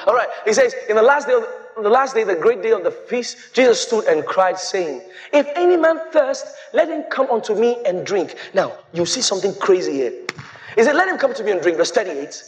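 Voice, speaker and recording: A man preaching a sermon as pastor, quoting scripture and breaking into shouts. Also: sits high, animated, a little fast.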